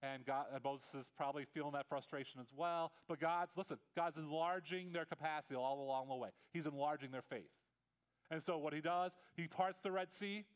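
Clear-voiced male pastor telling a story. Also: a little high, brisk, low-quality recording. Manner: conversational storytelling with voiced asides and restarts. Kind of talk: sermon.

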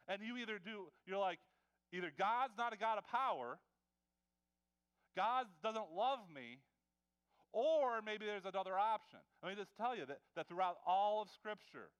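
A man preaching a conversational sermon, often repeating words and swinging between loud stresses and quiet asides. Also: sits high, expressive, unhurried, pauses often, clear, resonant tone.

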